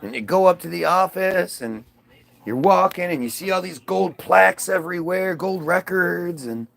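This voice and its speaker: High gravelly man telling a profane story. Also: normal speed. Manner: animated, swearing, acts out others' lines. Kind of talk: profane anecdote with acted-out voices.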